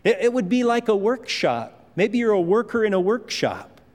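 A pastor preaching a sermon in a conversational, emphatic way, with asides to the congregation. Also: male voice, high-pitched, very animated, moderate pace, darkish tone. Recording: long hall reverb.

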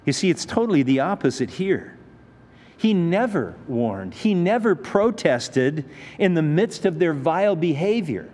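Pastor, male, slightly high voice, relaxed explanatory preaching, long hall reverb. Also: measured pace. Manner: conversational, with rhetorical questions. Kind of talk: expository sermon.

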